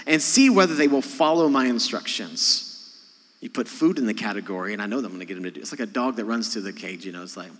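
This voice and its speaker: A man preaching a sermon, talking to his congregation in a conversational way, rising to loud emphasis and dropping to quiet asides. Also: medium pitch. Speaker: pastor. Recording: long hall reverb.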